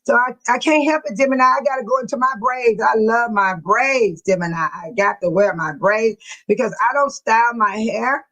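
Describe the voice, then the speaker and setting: Picture an older woman hosting her own livestream, chatting with her viewers as if they were old friends. Her voice sits high and light, and she breaks into laughter as her stories run along. She talks to people by name and keeps it loose and unscripted. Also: normal speed, a bit bright, rough recording. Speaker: livestream host. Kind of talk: casual chat to viewers.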